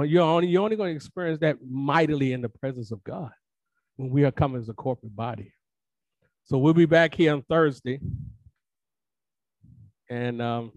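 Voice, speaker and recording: A man's voice: medium pitch, normal speed, long pauses, a little mellow, no echo. A man preaching a sermon as pastor, emphatic and colloquial, repeating phrases for emphasis. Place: church sanctuary.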